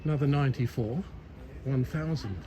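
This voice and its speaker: A man's voice: medium pitch, moderate pace, a crowd in the background. A man chatting on a live stream as he walks through a city, laughing at himself often, into a phone-mounted mic. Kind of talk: casual live-stream chat while walking. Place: city streets outdoors, traffic passing. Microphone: phone-mounted mic on a gimbal. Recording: loud outdoor street noise.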